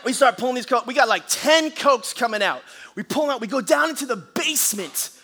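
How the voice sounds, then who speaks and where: High, bright-voiced pastor preaching. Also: male voice, fairly quick. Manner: animated storyteller, then hushed and earnest in prayer. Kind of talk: sermon with storytelling and altar call. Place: church auditorium.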